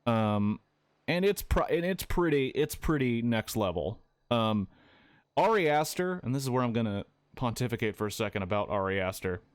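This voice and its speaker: A man streaming a game while retelling a film in a casual, excitable way, swearing often and with plenty of fillers. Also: medium pitch, moderate pace, clear, resonant tone, dry recording, clean studio sound. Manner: excitable, profane storytelling with many fillers.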